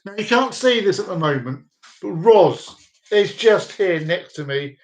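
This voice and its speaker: Host, male, high-pitched voice, chatty and rambling, cracking corny jokes on a home live stream. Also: lively intonation, unhurried, low-quality recording. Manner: jokey, rambling, repeats himself. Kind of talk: casual live-stream chat. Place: downstairs room at home with dogs.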